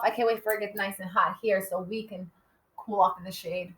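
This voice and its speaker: A woman with a medium-pitched voice moves fast through an early-grade writing lesson. Letter by letter, she sounds words out in a singsong way, calling out excitedly without warning and hushing to near-whispers on soft sounds.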